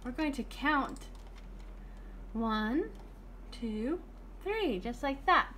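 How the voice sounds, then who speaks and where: Woman, preschool teacher, very slow, lively sing-song pitch, faint room hiss. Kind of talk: online preschool lesson.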